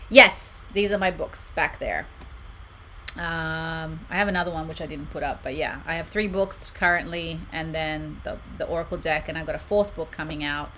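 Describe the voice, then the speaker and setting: A woman on the lower side of the usual pitch range leads a casual livestream card reading from a room at home. Her tone is bright and sharp. She chats freely, reads out viewer comments and giggles often. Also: fairly even intonation, moderate pace, slight background noise. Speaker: oracle card reader and channel host. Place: home room with her books on shelves behind.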